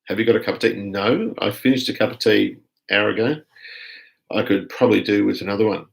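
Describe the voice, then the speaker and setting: An Australian man hosting a casual live stream, chatting in a relaxed, rambling way as he reads out viewer comments. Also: lowish voice, fairly quick, vocal fry, low-quality recording.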